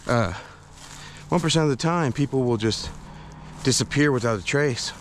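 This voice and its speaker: A man's voice: medium pitch, moderate pace, a little hiss or hum. A man vlogging while hiking outdoors in a forest, out of breath, talking in a rambling, hesitant way. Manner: rambling, hesitant, many fillers and restarts. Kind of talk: casual walk-and-talk vlog.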